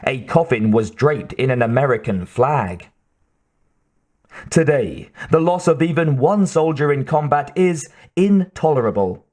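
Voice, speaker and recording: A man reads an audiobook aloud in a steady, measured way, his voice sitting in the mid range.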